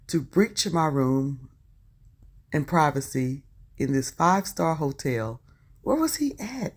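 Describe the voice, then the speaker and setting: A woman's voice: deep voice, a little mellow. A woman with a Southern US accent reading posts aloud for her channel and breaking in with chatty asides and exclamations. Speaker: YouTube commentator.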